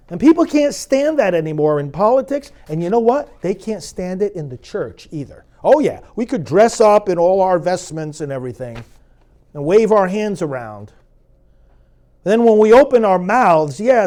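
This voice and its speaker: A middle-aged man, a priest hosting his own show, speaks straight to the viewer with a sarcastic, preachy edge that climbs into fervent emphasis. His pitch sits fairly high and swings widely, and his tone stays mellow rather than bright. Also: big pitch swings, normal speed. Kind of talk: direct-to-camera commentary.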